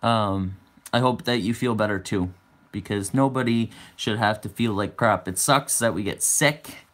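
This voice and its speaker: A man's voice: fairly low pitch, a little slow, a bit bright. A man in his twenties hosting a casual livestream, chatting and answering viewer comments aloud. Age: 20s. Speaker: livestream host.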